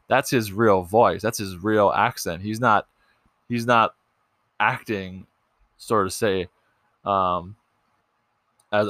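A man's voice: lowish voice, fairly bright tone, no echo. A young man hosting a casual movie podcast, chatty and loose, with lots of ums and restarts. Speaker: podcast host.

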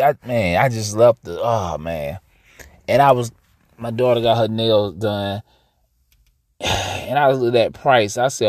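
At a measured pace and in a mid-range voice, this young American podcast host with an African American English accent gives a casual outdoor monologue. He addresses listeners directly as "y'all," conversational and emphatic. The recording is dry and clean, like a studio.

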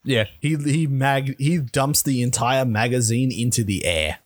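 A man's voice: mid-range voice, measured pace, dry recording, clean studio sound. A man in casual chat, chiming in bluntly with swearing. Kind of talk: casual chat about a TV series.

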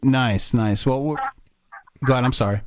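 A man's voice: mid-range voice, normal speed. A man hosting a podcast, laughing often and stumbling over his words in casual banter. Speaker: podcast host.

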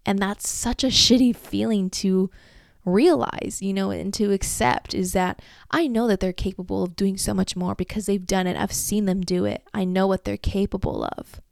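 A woman's voice: mid-range voice, creaky, darkish tone, no room sound, clean studio sound. A young woman in her twenties hosting a solo podcast, talking candidly and emotionally about a breakup and swearing freely. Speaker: podcast host.

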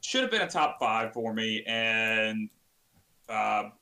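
A man spins a long story in relaxed conversation. His voice is bright and ringing. He stammers and restarts phrases as he gets worked up. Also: fairly low pitch, takes it slowly, gravelly. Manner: rambling, stammers and restarts when excited. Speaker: sim racing podcast guest. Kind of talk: casual chat. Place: home sim racing setup.

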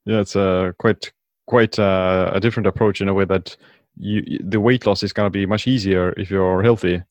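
A man's voice: sits low, steady tone, moderate pace, no room sound. A man hosting an interview, easygoing, with lots of "like" and "uh" as he goes. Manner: easygoing, hedging with "like" and "uh". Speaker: podcast host.

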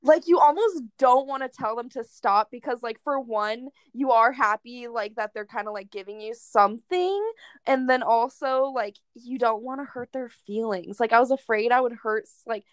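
A woman's voice: fairly high pitch, normal speed, dry recording. A young woman telling a crude personal story in casual chat, swearing freely and laughing often.

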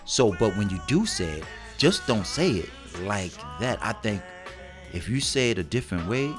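Man co-host, lowish voice, animated delivery, faint music behind. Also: moderate pace. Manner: animated, acts out quotes with big pitch jumps. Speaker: podcast co-host. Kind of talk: casual relationship talk.

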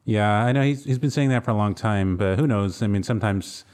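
A man co-hosts a podcast in a fairly low, darkish voice, speaking fairly quickly. His casual chat is hesitant and full of fillers.

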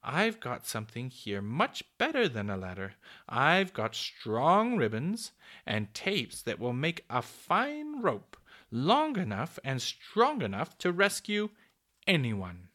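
A man voicing an excitable, fussy old male peddler in a storybook read-aloud, breaking into high excited cries. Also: takes it slowly, heavily acted. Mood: eager.

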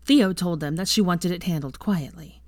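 A woman reading fan fiction aloud with an expressive reading voice. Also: lowish voice, moderate pace, dry recording, studio quality.

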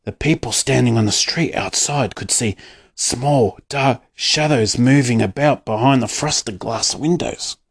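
A man voicing a gentle old grandfather in a storybook reading, telling a tale softly. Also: medium pitch, animated, moderate pace. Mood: hushed. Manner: soft and hushed.

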